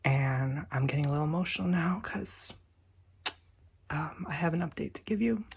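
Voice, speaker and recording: A man chatting casually to camera as a vlogger in his garage, full of fillers, dropping to soft whispers and rising to loud excitement. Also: on the high side, normal speed, vocal fry, slightly rough. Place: home garage by a car.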